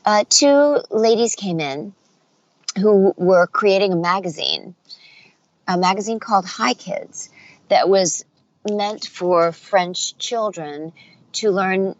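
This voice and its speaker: A middle-aged woman who works as a voice actor and dialect coach tells stories in a casual interview, speaking slowly in a mid-range voice. She's an animated storyteller who acts out the voices she quotes, and the sound is lo-fi.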